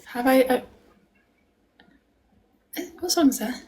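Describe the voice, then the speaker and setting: A woman's voice: high voice, slow, mellow, slightly rough. Chatty Scottish woman on a live stream. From Scotland. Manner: chatty and affectionate, calls viewers darling and lovely. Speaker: live-stream host and musical theatre performer. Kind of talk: casual live-stream chat answering viewer questions.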